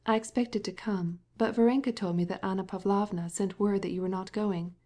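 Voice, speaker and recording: A woman's voice: mid-range voice, steady tone, brisk, mellow, natural voice. A woman reading an audiobook, voicing an earnest, shy young princess. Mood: eager. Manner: eager.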